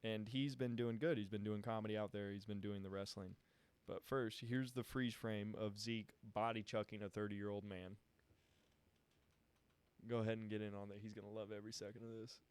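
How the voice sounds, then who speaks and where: A young man in a casual podcast chat, an animated storyteller who laughs often and swears freely. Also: on the low side, moderate pace, clean tone. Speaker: podcast participant. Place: podcast studio.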